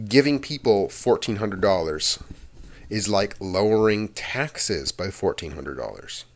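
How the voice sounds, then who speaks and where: Hosting his ASMR channel, a young man with a deep, low voice talks in a loose, rambling way. His chatty monologue wanders from one point to the next, with the occasional casual swear.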